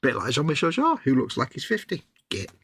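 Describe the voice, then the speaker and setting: A middle-aged man with a bright, tense tone and a slightly husky edge. His sound is dry and close, with no room echo. He chats casually with dry, wry humour. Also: medium pitch, huge pitch swings, brisk. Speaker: co-host of a live hobby stream. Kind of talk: casual banter.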